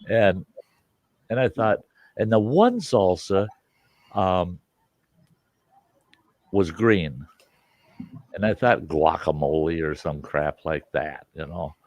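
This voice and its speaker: A man hosting a casual chat, telling lively anecdotes and acting out the people in them. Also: lowish voice, no echo. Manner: animated storyteller, acts out voices in anecdotes. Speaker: host. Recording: dull lo-fi, dry sound.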